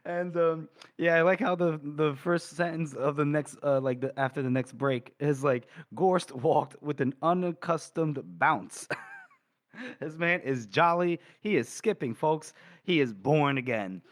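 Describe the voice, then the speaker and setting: A man co-hosting a podcast, recapping a book in an animated, filler-heavy casual way. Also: fairly high pitch, measured pace. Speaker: podcast co-host.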